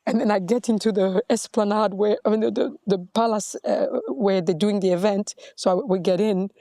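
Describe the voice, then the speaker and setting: Animated woman telling her story, dry sound. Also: medium pitch, brisk, dry recording. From Congo. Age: middle-aged. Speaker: guest. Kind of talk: storytelling interview.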